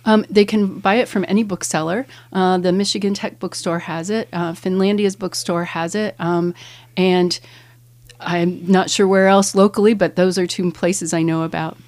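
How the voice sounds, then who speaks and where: A woman from Ohio, an English professor, answering interview questions in an explanatory, measured way with frequent "um"s. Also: fairly low pitch, steady tone, a little mellow.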